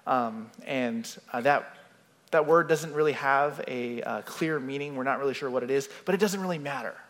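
A man's voice: medium pitch, normal speed, fairly bright tone, long reverb tail. A male pastor giving an expository sermon in a conversational way, often checking in with "right?".

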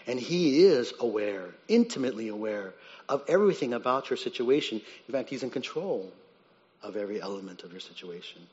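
A man's voice: mid-range voice, animated, a little fast, a little mellow. Man preaching in an echoing hall. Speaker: pastor. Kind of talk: sermon. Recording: dull sound with long reverb in a large hall.

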